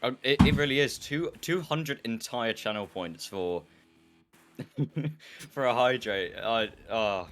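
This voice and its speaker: Male esports caster, bright tone, hesitant and giggly, faint music under. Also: medium pitch, animated, slow. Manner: hesitant, many fillers, laughs a lot. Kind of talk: casual esports commentary.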